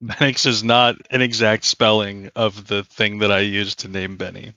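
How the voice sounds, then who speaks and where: A man's voice: on the low side, level tone, moderate pace, pushed and bright, no room sound. A man in casual banter during a tabletop game, jokey and laughing often, with stumbling restarts.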